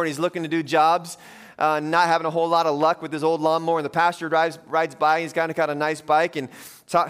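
A man's voice: on the high side, a bit bright, clean tone. Joking man preaching a sermon. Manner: conversational, joking storyteller. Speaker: pastor.

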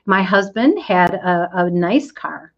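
Slow emphatic woman coaching. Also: lowish voice, animated, highs cut off. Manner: emphatic, drawn-out stresses, acts out quoted complaints. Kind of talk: motivational talk.

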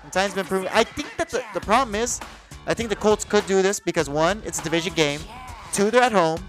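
A man co-hosting a casual sports podcast, arguing picks in an animated way and swearing freely. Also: high voice, quick pace, faint music behind, low-quality recording. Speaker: podcast co-host.

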